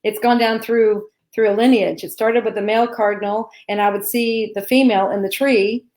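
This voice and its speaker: A woman's voice: medium pitch, steady tone, normal speed, a little mellow. Woman, from Arkansas, live Q&A co-host, reassuring, laughs often. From Arkansas, USA. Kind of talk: live Q&A chat. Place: home.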